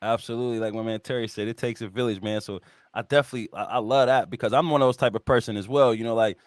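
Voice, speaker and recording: A male interviewer asks long, winding questions in a loose, slangy, animated way. He talks quickly, and his voice sits mid-range for a man. The recording is dry and close. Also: medium pitch, no room sound. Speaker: podcast host, interviewer. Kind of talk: casual interview conversation.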